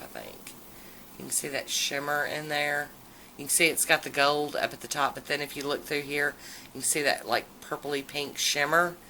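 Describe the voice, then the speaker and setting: A woman talks slowly in a low, bright voice, gushing over each item with drawn-out exclamations. She sounds like a casual home video vlogger, with faint room ambience behind her. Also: a little hiss or hum, poor audio. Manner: chatty and enthusiastic, drawn-out exclamations. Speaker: nail polish vlogger. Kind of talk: casual haul video chat.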